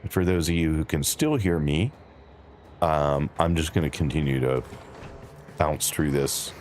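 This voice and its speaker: A man's voice: rumbling low, unhurried, darkish tone, slight background noise. A man streaming a game, chatting with his viewers in a dry, wry, casual way. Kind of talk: casual live-stream commentary.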